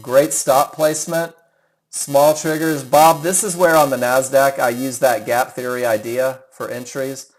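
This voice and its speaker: An upbeat, chatty man in middle age teaches a live trading class. He praises and teases his students by name as he walks through their charts. His voice sits at an ordinary middle pitch. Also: fairly even intonation, unhurried, low-quality recording. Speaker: trading instructor. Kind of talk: live webinar teaching, reviewing students' trades.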